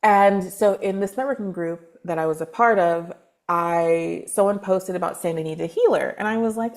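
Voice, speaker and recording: A woman guest on a podcast, telling a personal story in a loose, animated way and acting out what others said. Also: lowish voice, normal speed. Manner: animated, acts out quoted dialogue with laughs; loose, filler-heavy talk with restarts. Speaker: guest, spiritual advisor. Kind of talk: casual storytelling interview.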